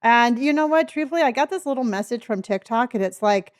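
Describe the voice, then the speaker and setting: A woman's voice: fairly high pitch, lively intonation, quick pace, hardly any pauses. A middle-aged woman chatting casually with viewers on a live stream, bubbly and talkative, greeting and thanking them by name.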